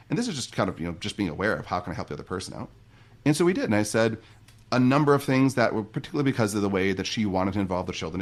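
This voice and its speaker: A middle-aged man, a guest on a podcast, telling stories and explaining ideas in a relaxed, conversational way. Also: fairly low pitch. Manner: fast, animated storytelling. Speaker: podcast guest, marriage coach.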